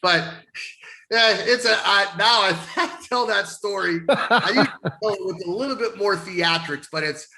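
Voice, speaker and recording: A man's voice: high-pitched, measured pace, gravelly. A middle-aged man telling wrestling stories in a casual interview, swearing often and laughing as he goes. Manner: profane, laughing, animated storyteller. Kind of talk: casual storytelling.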